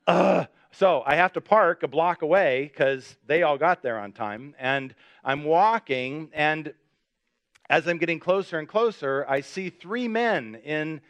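A middle-aged male pastor tells a story from the pulpit in a slightly high, lively voice, acting out each voice in it. The sound is close and dry, with no room echo. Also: unhurried. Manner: animated, self-mocking storyteller acting out dialogue. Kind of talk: sermon storytelling.

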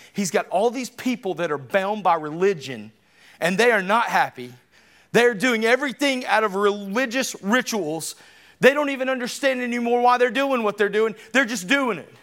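A man in his thirties, a preacher delivering an emphatic, conversational sermon with sudden loud bursts. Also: high voice, animated, normal speed. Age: 30s.

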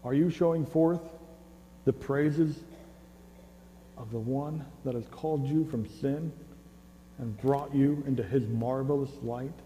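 A man's voice: medium pitch, slow, long pauses, warm tone. A man preaching a sermon, conversational and joking, often stumbling over repeated words. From United States. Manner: conversational and joking, with stammered restarts. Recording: long hall reverb with faint mains hum.

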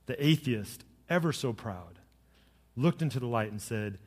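A middle-aged man, a pastor, giving a sermon with jokes and storytelling that rise to lively emphasis. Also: medium pitch, unhurried, long reverb tail.

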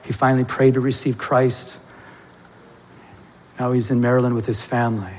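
A male pastor preaching a sermon, telling stories with animated energy and asking his congregation to remember. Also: medium pitch, normal speed, long reverb tail, slight background noise. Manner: animated storytelling with repeated rhetorical questions to the congregation.

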